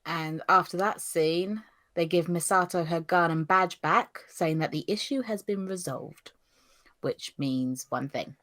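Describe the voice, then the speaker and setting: Chatty woman with a lowish voice. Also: a little slow. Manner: chatty, giggly, animated retelling. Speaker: podcast co-host, newbie reviewer. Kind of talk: casual review chat.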